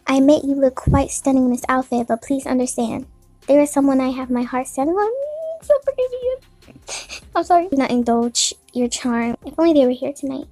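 A woman's voice: sits high, lively intonation, normal speed, dark tone, no echo, faint music behind. A woman voicing a charming young male racer.

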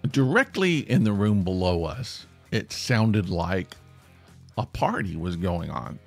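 A man hosting a podcast, telling a funny story in an animated, self-deprecating way and laughing mid-sentence. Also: lowish voice. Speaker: podcast host. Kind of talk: comic storytelling.

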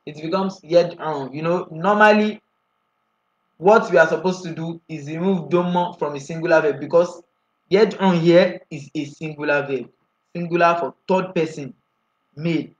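A man gives a grammar lesson in a slightly higher voice, walking through each rule in order and pausing to ask his students for the next answer. The recording is muffled and lo-fi. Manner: explains step by step, often asks the class "what?". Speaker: Arabic grammar teacher. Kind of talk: classroom lecture.

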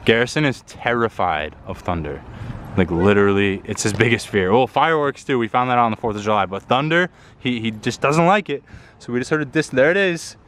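In a noisy outdoor recording by a pool, a man narrates a casual vlog in a mid-range, slightly bright voice, talking fairly quickly. He playfully coaxes his dog and does joking voices for it.

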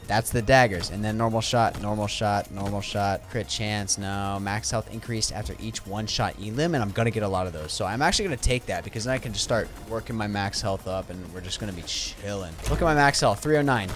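A young man giving casual, chatty gameplay commentary, swinging between loud hype and quiet muttering. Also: lowish voice. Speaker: gaming YouTuber.

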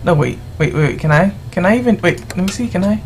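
A gamer giving rambling, exasperated commentary while playing, yelling at the game's characters. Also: medium pitch, lively intonation, fast, slight background noise. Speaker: let's play gamer. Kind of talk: gameplay commentary.

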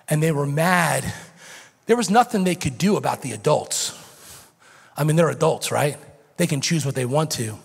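An American pastor in his forties preaching a sermon, swinging from shouted intensity to a hushed near-whisper. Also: a little high, animated, moderate pace, gravelly, pauses often, breathy edge. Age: 40s. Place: church sanctuary. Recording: reverberant church sanctuary.

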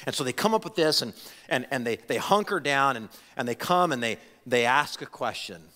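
A man preaching a sermon as a pastor, talking in an animated, conversational way with frequent restarts. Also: medium pitch, normal speed, long reverb tail. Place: church sanctuary.

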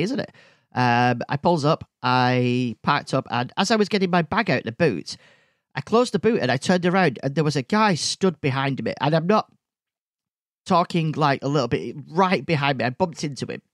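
Male podcast host, sarcastic ranter, lively pitch, dry booth sound. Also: no echo. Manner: exasperated, sarcastic storytelling. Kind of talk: casual solo podcast rant.

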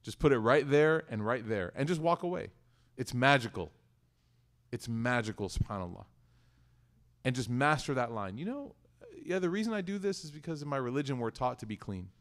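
Male community speaker, relaxed faith talk, humorous storyteller who trips over his words. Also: medium pitch, a little fast. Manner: conversational and joking, with frequent restarts. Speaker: speaker at a community study circle. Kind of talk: casual religious talk with personal stories.

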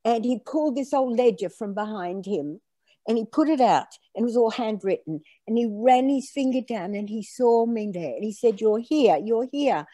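An older woman raised in Australia and born in Greece, telling her story in an animated, conversational interview. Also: a little high, normal speed, dry recording, studio quality. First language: Greek. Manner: animated storyteller acting out quoted dialogue. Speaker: author being interviewed.

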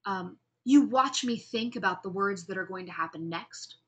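A woman's voice: medium pitch, moderate pace. A woman instructor giving a recorded lecture on public speaking, upbeat and chatty with frequent restarts.

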